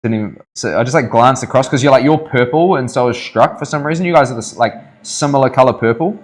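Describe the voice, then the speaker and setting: A man's voice: medium pitch, fast, poor audio. A man with a New Zealand accent, a tattoo artist chatting casually on a live stream and rambling through stories with plenty of swearing. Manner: laid-back, sweary, rambling storyteller.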